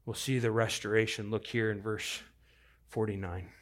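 A male pastor preaching a sermon, swinging from hushed to loud as he acts out the story. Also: lowish voice, fairly even intonation, moderate pace.

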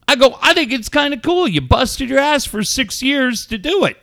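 A high-pitched, bright middle-aged man tells a story on a podcast in a profane, animated rant. His voice swings hard between low grumbles and near-yells. The sound is close and dry. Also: moderate pace, vocal fry, dry recording. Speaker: podcast host. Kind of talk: casual podcast chat.

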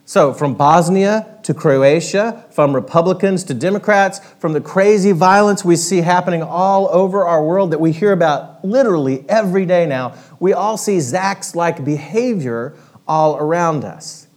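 A man preaching a sermon in a church, animated and interactive, guiding the congregation through a hands-on exercise. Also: a little high. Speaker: pastor.

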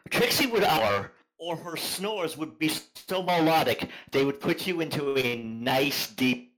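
A man's voice: fairly high pitch, lively intonation, measured pace, fairly bright tone, poor audio. A man appearing as a podcast guest in casual chat, speaking hesitantly and thoughtfully.

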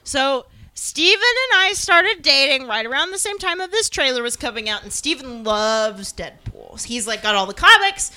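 Excitable bright-voiced woman. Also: high voice, moderate pace, few pauses. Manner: excitable, laughing, swears freely. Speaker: podcast co-host. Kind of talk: casual comedic chat. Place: venue with a live audience.

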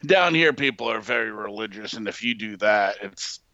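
Bright-voiced crude guy. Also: lowish voice, lively intonation, moderate pace, creaky, no room sound, dull audio. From northeastern United States. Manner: crude, swearing, joking, loose and rambling. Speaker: podcast co-host. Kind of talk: casual podcast chat. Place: remote call line, dry, music underneath.

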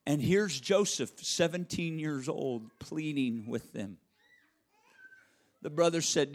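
Dramatic preacher man, loud then hushed. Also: on the high side, takes it slowly. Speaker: pastor. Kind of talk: sermon.

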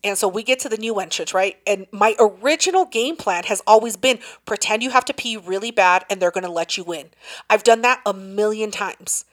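A young adult woman co-hosting a casual chat, an animated storyteller who swears freely and acts out quotes. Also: medium pitch, fairly quick.

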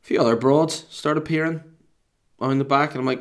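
A man with a medium-pitched voice and a brisk pace tells a casual, wandering tale at home in a Scottish accent. Addressing the camera as a dad, he curses and plays up his exasperation for laughs.

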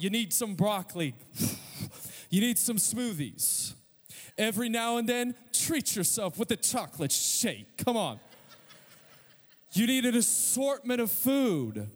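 A man preaching a sermon as pastor, animated and conversational, with humorous everyday comparisons and calls for the audience to respond. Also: high voice. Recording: long hall reverb with faint music.

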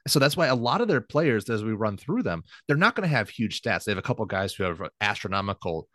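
Deep-voiced male sports podcast analyst. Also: sing-song, fast talker, pushed and bright, no echo, clean studio sound. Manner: confident, opinionated analysis. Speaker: podcast co-host. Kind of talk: casual sports podcast chat.

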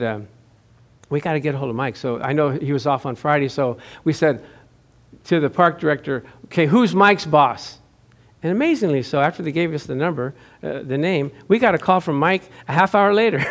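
A man pastor giving a sermon, telling a chatty personal story and laughing often. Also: high voice.

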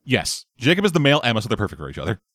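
Casting: man, blunt and profane, lively pitch, dry close sound. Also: racing, no echo. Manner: blunt, profane, animated critique. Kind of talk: casual chat.

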